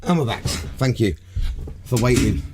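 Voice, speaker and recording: A man's voice: medium pitch, lively intonation, unhurried, loud music behind the voice. A man hosting a casual live stream, rambling loosely from topic to topic and swearing freely. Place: home room.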